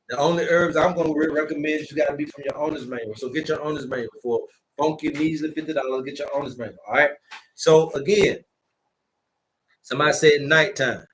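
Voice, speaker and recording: A man hosting a live stream, lecturing his viewers in a preachy, repetitive way and drawing out words slowly for emphasis. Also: on the high side, a bit bright, far from the mic, slight background noise, rough recording. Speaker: herbalist host of a live stream.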